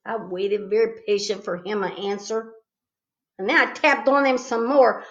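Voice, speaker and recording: A woman reading a children's storybook aloud in a gentle, expressive way, on a slightly dull recording. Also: medium pitch, normal speed.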